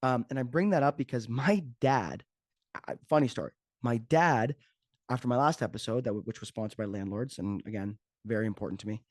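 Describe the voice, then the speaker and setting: A man's voice: mid-range voice, a little fast, no room sound, studio quality. A man hosting his own podcast as a fitness coach, talking casually and joking off the cuff. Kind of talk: casual solo podcast talk.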